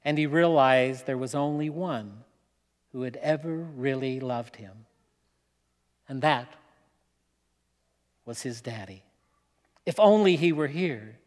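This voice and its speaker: A man preaching, telling a story in a slow, dramatic way with pauses. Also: medium pitch. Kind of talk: sermon storytelling. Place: church hall. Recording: long hall reverb.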